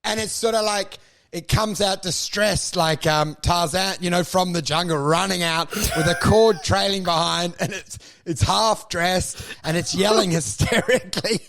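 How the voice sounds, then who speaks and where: A man co-hosting a comedy podcast, riffing animatedly and jumping into shouted character voices. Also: high voice, moderate pace, creaky. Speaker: podcast co-host.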